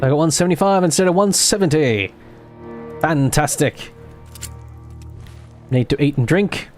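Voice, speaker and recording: A man's voice: on the high side, lively intonation, unhurried, soft background music. A man streaming a video game, thinking aloud in casual, self-mocking commentary.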